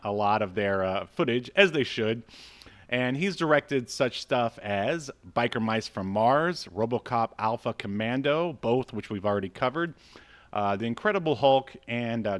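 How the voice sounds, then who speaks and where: A man hosting a casual podcast, rambling with many fillers and laughing often as he reads credits aloud. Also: fairly low pitch. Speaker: podcast host.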